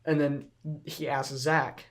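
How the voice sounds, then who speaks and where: A young man co-hosting a casual podcast, his voice sitting a little higher than most men's. He rambles through stories and leans on "like" and "um" as he goes. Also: level tone, takes it slowly. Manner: rambling storyteller, many "like" and "um" fillers. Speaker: podcast co-host. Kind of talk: casual chat.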